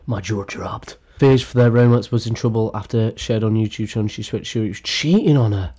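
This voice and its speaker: A man's voice: lowish voice, moderate pace, mellow. A young man doing a comedic gossip rant as a YouTube commentator, sarcastic and crude with mock-dramatic outbursts.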